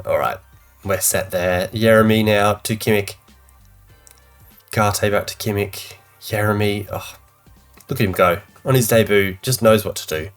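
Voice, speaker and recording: Animated, exasperated game commentator, man. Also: fairly low pitch. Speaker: gaming YouTuber.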